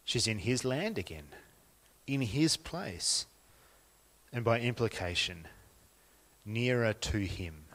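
A man with an Australian accent preaching a sermon, swinging from quiet, reflective lines to loud, emphatic ones. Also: lowish voice, animated, slow pace, long pauses, in a large hall. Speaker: pastor.

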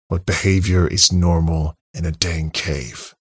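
A man voicing an angry young man trapped in a cave, speaking in a cold, intense tone with a husky, creaky voice. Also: low voice, steady tone, a little slow, fairly bright tone, exaggerated voice. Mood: cold anger.

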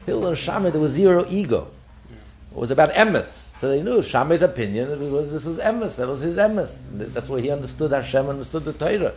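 A man's voice: brisk, slight background noise. A man teaching a daf yomi Talmud class, explaining with frequent restarts and acting out the sages' voices. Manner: animated, acts out the sages' voices with pitch jumps; repeats and restarts phrases while explaining.

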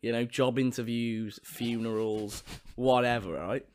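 A man's voice: medium pitch, steady tone, measured pace, a little mellow. A young man telling a story in casual chat, frank and crude, with lots of fillers. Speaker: podcast co-host.

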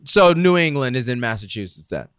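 A man's voice: medium pitch, sing-song, fairly quick, crowd noise. A young man hosting a casual chat, quizzing and teasing his guest with questions.

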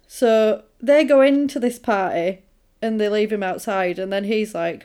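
Her voice is medium in pitch, smooth and a bit dark, and she keeps a measured pace. As a podcast co-host in a casual conversation, she recounts a film in an amused, chatty way, sprinkling in quoted asides.

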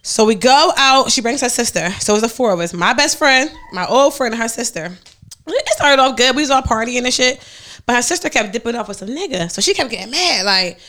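A young adult woman hosting a podcast, telling a story in casual chat, animated and full of profanity. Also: on the high side, fairly quick. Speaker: podcast host.

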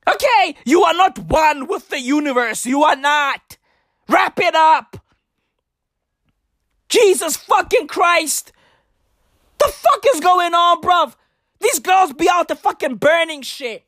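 An exasperated woman in a comic rant, profane and repetitive, bursting into shouts. Her voice sits high and swoops widely, and her delivery is slow and deliberate. The recording is dry and close. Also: very animated, no room sound. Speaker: ranting vlogger.

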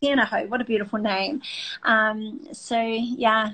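A woman's voice: a little high, fairly even intonation, a little slow, sharp tone, poor audio. A middle-aged woman hosting a faith talk show, speaking earnestly and emotionally with many restarts. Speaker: host.

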